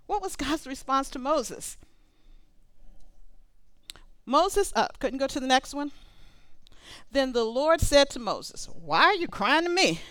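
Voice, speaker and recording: A woman preaching a sermon, conversational and animated, reading scripture aloud between comments. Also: high-pitched, takes it slowly, long pauses, no room sound.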